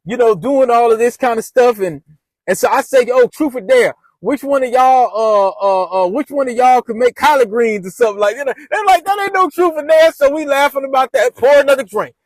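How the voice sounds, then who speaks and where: A man's voice: very high voice, a little fast, no room sound. A man casually retelling a personal story in loose slang, often restarting his sentences.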